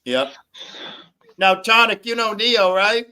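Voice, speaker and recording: A man's voice: high-pitched, animated, slow, pushed and bright, clear, resonant tone. A man hosting a crude, casual live stream, teasing and rambling with profanity. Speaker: stream host.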